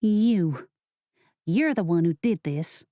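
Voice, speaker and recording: A woman narrator voicing an angry young witch heroine in an audiobook, sharp and indignant. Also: on the low side, animated, takes it slowly, dry recording, studio quality.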